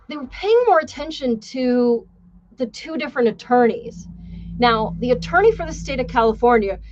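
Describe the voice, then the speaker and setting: A woman's voice: sits high, highs cut off. A woman hosting a podcast, telling a story in a blunt, sarcastic and profane way. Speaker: podcast host. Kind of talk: casual storytelling.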